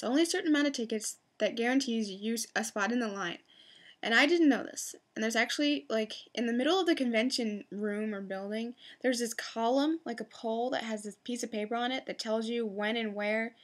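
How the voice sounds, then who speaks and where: Chatty excitable young woman. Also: fairly high pitch. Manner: chatty, excitable, many fillers and restarts. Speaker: vlogger. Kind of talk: casual fan storytelling.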